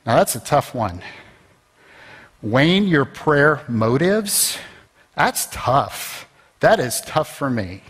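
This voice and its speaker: A man's voice: medium pitch, very animated, takes it slowly, long pauses, a bit bright, slightly rough. A man preaching a conversational sermon as pastor, rising to emphatic peaks. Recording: long reverb of a large hall.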